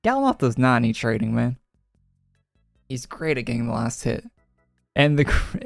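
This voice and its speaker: A male gaming streamer reads game dialogue aloud in a gravelly, fry-laden voice and breaks off for wry jokes. He is recorded dry and close on a studio microphone, with faint game music behind him. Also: mid-range voice, moderate pace, pauses often, no echo. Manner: wry, joking asides between flat readings. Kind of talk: reading game dialogue aloud with casual commentary.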